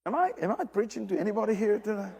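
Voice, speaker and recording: Male preacher, high lively voice, repeats himself, hushed then loud, church hall reverb. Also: quick pace, breathy edge. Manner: animated, repeats phrases, swings from hushed to loud. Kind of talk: sermon. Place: church service with a congregation.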